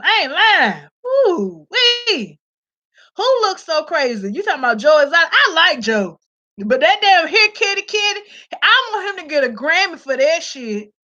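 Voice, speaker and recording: A woman riffing straight to her viewers in a high voice. Her tone is bright and forceful. The commentary is loose and profane, and she breaks into laughs often. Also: muffled recording. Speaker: vlogger. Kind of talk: casual comedic commentary.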